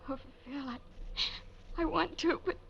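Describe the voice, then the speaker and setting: A woman playing a frightened, anxious young woman in a vintage radio drama, speaking in a halting, pleading way. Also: high voice, gravelly, muffled recording. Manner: breathless, hesitant, halting. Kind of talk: 1940s radio drama acting.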